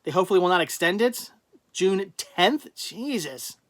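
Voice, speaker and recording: A man hosting a casual livestream, rambling and thinking out loud as he reads out and answers viewers' chat comments. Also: high voice, animated, normal speed. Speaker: livestream host.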